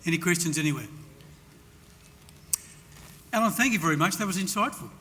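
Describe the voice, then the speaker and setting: A man hosting an event who quickly wraps up and thanks the speaker in an upbeat way. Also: high-pitched, lively intonation, sharp tone. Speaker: event host. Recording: distant voice in a reverberant hall.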